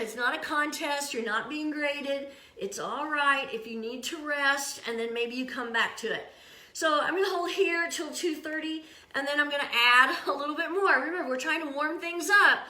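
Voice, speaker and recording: A woman's voice: high-pitched, bright, forceful tone. An older woman leading a home workout, upbeat and encouraging, often laughing between counts. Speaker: fitness instructor. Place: room at home. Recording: echoey room.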